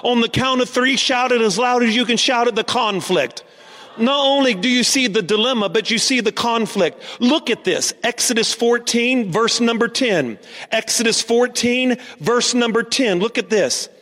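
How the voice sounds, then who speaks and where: Preaching man, high-pitched, repeats phrases, rallies the congregation, church hall reverb. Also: normal speed, fairly bright tone. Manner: preaching, call-and-response with congregation; repeats lines for emphasis, sometimes sings phrases. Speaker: pastor. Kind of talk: sermon.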